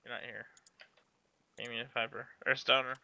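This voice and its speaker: A man's voice: mid-range voice, level tone, moderate pace, gravelly, bright, forceful tone, muffled recording. A man chatting casually and playfully with friends while playing an online game, joking, laughing and swearing. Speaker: gamer. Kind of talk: casual gaming chat.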